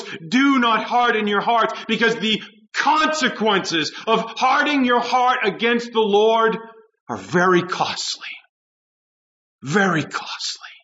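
Impassioned high-voiced preacher, lo-fi. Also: male voice. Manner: impassioned preaching, shifts from shouting to low intense tones. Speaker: pastor. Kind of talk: sermon.

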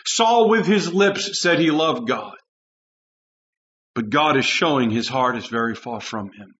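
A man preaching a sermon with passion, swinging from loud urgent lines down to low, intense tones. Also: expressive, measured pace, highs cut off. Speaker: pastor.

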